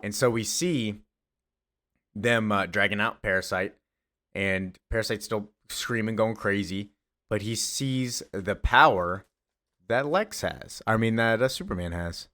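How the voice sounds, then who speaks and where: A man's voice: fairly low pitch, unhurried, sharp tone. A man casually retelling a comic story, rambling along with frequent fillers and restarts. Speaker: comics commentator.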